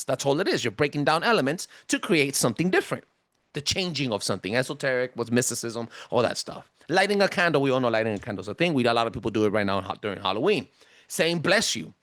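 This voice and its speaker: A man with a self-described thick accent, hosting a podcast and giving a casual presentation in an emphatic, animated way. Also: dry recording. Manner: animated, emphatic, swinging pitch. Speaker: podcast host.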